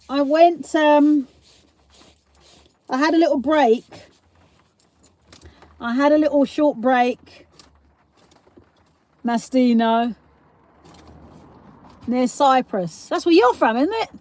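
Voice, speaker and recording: Woman, South East London accent, high voice, dry close sound, middle-aged, chatty live-stream host, giggly rambling storyteller. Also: darkish tone, dry recording. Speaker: livestream host. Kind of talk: casual live-stream chat.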